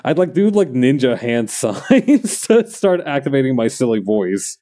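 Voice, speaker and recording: A man's voice: medium pitch, big pitch swings, unhurried, warm tone. A man streaming while he crafts, chatting casually and thinking aloud to his viewers in a rambling way.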